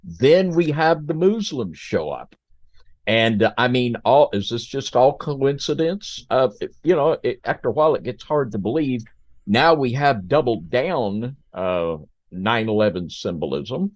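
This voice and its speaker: A man's voice: mid-range voice, animated, normal speed, no echo. A man co-hosting a podcast, earnestly building an argument step by step. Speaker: podcast co-host. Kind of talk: casual podcast discussion.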